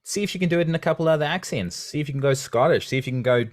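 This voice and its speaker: A man's voice: on the high side, rapid-fire. A man, hosting an interview podcast with an effusive manner. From New Zealand. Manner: enthusiastic, effusive. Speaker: podcast host. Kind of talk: casual interview chat.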